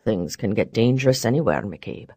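A woman's voice: expressive, moderate pace, warm tone, breathy edge, no room sound, clean studio sound, full character voice. A woman playing a curt, cold-voiced man. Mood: cool. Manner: terse, low, clipped.

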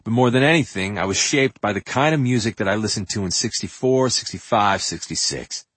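An older man from New York reading his own memoir in an animated, profane way, with loud bursts and hushed asides. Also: on the low side, brisk, breathy edge, dry recording. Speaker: memoir narrator. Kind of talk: audiobook memoir narration.

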